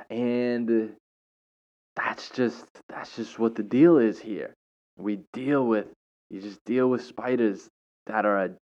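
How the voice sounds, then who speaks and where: A young man, a teacher, telling a personal story in a casual, animated way with lots of slang. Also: lowish voice. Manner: animated, slangy, dramatic retelling. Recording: dull lo-fi recording.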